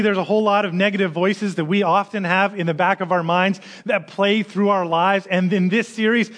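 High-voiced man preaching a sermon. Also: a bit bright. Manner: conversational storytelling with quoted voices. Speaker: minister.

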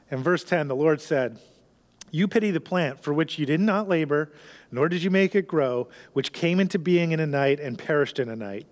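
A slightly higher-voiced man preaching a sermon in an earnest, conversational way. His voice carries through a long-reverb church hall as he unpacks the story and presses its lesson on his listeners. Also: fairly quick. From Canada. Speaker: pastor.

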